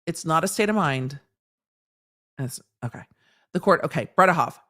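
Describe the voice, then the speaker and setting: A woman lawyer hosts a live commentary show with a slightly low-pitched voice. She reads court transcripts aloud and stops to explain them in a blunt, sarcastic, teacherly way. She uses everyday examples and swears casually. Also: expressive, moderate pace, a bit bright.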